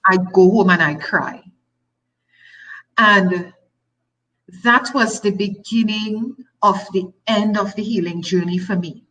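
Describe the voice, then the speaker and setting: A woman's voice: medium pitch, slow, pauses often, highs cut off. A middle-aged woman with a Tobagonian accent, a talk show guest telling a personal story with emphatic repetition. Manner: emphatic, repeats phrases, animated storytelling.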